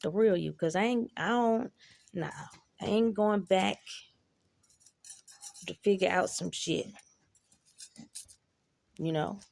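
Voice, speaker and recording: A woman speaks in an unhurried, gravelly voice with a mid-range pitch. She is blunt and profane in a casual monologue. She reflects on lessons from her own life. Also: darkish tone. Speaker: vlogger.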